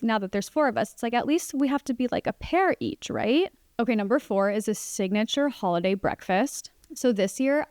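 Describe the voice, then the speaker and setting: A woman's voice: medium pitch, clean tone, dry recording, clean studio sound. A young woman hosting a casual solo podcast, chatting about family life with lots of "like" fillers. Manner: chatty, warm, many "like" fillers. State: pregnant. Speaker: podcast host.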